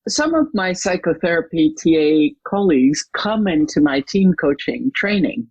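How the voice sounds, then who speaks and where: Husky, lively older woman guest. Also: deep voice, normal speed, no room sound, highs cut off. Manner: animated, acts out anecdotes with lively voices. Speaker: executive coach and trainer, guest. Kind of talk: interview conversation.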